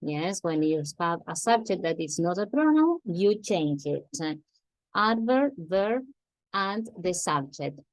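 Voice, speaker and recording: Slow, patient woman teaching grammar. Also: lowish voice, sing-song, no echo. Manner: patient, repeats examples slowly, checks with "Yes?". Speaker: English teacher. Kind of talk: grammar lesson.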